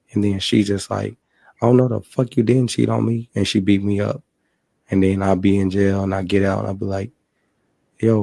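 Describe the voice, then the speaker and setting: A brash young man played by a man jokes crudely in a low, gravelly, dark-toned voice. His pitch stays flat and even. The sound is dry and close. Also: dry recording. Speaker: man in a played street interview clip. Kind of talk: street interview banter.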